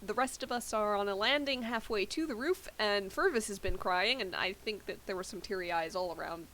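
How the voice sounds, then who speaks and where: A woman playing in a tabletop game, talking in a relaxed, matter-of-fact way. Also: mid-range voice, brisk. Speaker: player. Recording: noisy background.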